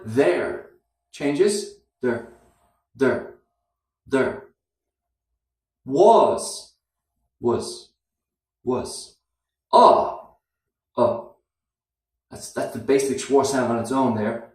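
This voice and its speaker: A man teaching English pronunciation, who repeats words and phrases slowly to demonstrate how they sound. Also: medium pitch, a little mellow. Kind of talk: slow, deliberate teaching. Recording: very echoey room, somewhat far from the mic.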